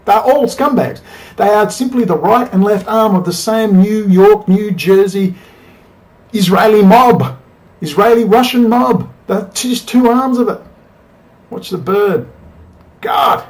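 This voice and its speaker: Male host, heated profane rant, high-pitched voice. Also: unhurried, low-quality recording. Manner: angry, profane, rambling rant. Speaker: commentary host. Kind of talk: ranting political commentary.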